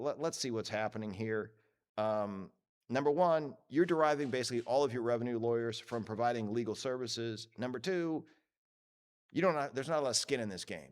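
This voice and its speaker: Joking man giving a conference talk. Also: medium pitch. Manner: lively, joking, acts out quoted voices. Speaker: conference speaker. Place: conference hall.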